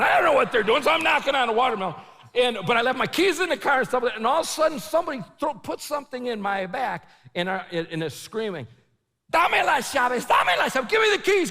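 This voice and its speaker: A middle-aged man preaches to a large crowd, telling a story with lots of energy and shouting at the high points. His voice sits high and swings widely in pitch. A long reverb from the big conference hall trails his words. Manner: animated, shouting at the peaks, laughing, quoting himself. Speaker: conference speaker. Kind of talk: storytelling sermon.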